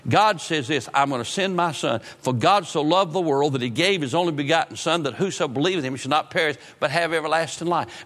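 A man preaching a sermon, swinging from loud outbursts to low, drawn-out phrases. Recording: long hall reverb.

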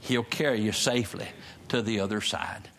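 Gravelly preacher man. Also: lowish voice, moderate pace, fairly bright tone. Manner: emphatic preaching, repeating key phrases. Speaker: pastor. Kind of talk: sermon. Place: church service.

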